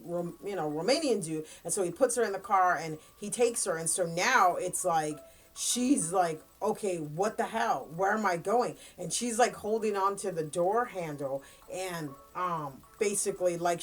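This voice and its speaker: Low-voiced woman retelling a story casually. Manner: rambling plot retelling full of fillers and quick quoted asides. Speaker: book reviewer. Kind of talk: casual book review chat.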